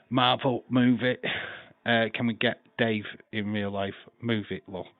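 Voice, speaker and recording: A man's voice: fairly low pitch, fairly even intonation, normal speed, dry recording, narrow, tinny audio. A man with a Yorkshire accent hosting a live watch-along, chatting casually, laughing often, swearing and reading chat messages aloud. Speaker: livestream host.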